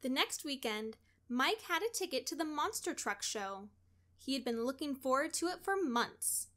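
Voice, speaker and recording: Her voice sits high as she reads a story for children, taking her time and bringing expression to every line like a practiced storybook reader.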